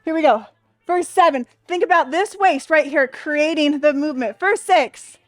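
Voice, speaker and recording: A woman's voice: high voice, normal speed, no room sound. A young adult woman leading a Pilates class, cheering and counting reps, a bit out of breath. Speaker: Pilates instructor. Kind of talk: workout class instruction.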